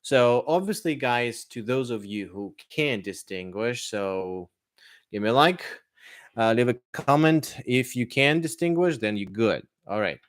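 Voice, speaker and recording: A man's voice: medium pitch, lively intonation, measured pace, dry recording, clean studio sound. A man teaching English on a live-streamed podcast. He answers viewer questions in a chatty, hesitant way, with many fillers and restarts.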